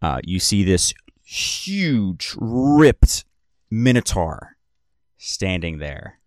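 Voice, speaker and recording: A man's voice: sits low, big pitch swings, extremely slow, a little mellow, no echo, studio quality. A man narrating as game master of a tabletop game podcast, describing scenes in a rambling way and correcting himself as he goes.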